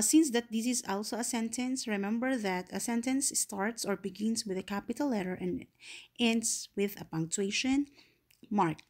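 A woman's voice: fairly high pitch, a little mellow. A woman with a Filipino accent teaching a grammar lesson to young English learners, patiently repeating points and reading example sentences aloud with emphasis. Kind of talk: slow, deliberate online lesson for young learners.

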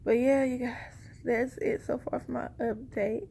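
A woman's voice: fairly high pitch, steady tone, a little slow, vocal fry, mellow, slight background noise. A woman chatting casually to her viewers in a rambling, conversational way, a little short of breath. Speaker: vlogger sharing a pregnancy update. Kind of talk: casual chat to camera.

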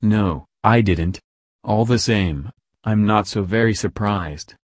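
A man reading the lines of a spirited young woman, with sharp, teasing replies. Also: fairly low pitch, takes it slowly, dry recording, clean studio sound. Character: spirited young woman, bold and quick-witted.

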